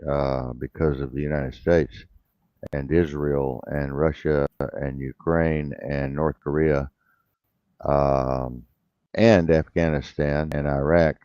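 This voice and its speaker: A man hosting a casual talk radio show, drawling and often pausing with uh. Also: extremely low pitch, fairly even intonation, clear, resonant tone, no echo. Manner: drawling, repeats himself, says uh often. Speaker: radio host. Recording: dull lo-fi sound.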